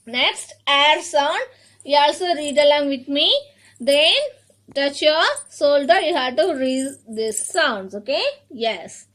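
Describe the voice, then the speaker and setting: Slow, bright-voiced woman teaching phonics. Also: sits high. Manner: slow, sounds words out and repeats them; addresses children warmly as "my dear children". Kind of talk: online phonics lesson for young children.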